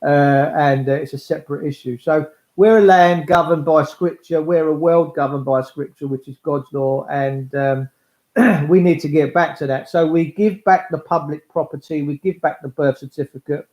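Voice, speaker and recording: A man's voice: fairly high pitch, fairly even intonation, moderate pace, a little mellow. A man talking in a rambling monologue, blunt and coarse, swearing freely and acting out voices. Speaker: speaker addressing listeners. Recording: echoey, dull lo-fi recording.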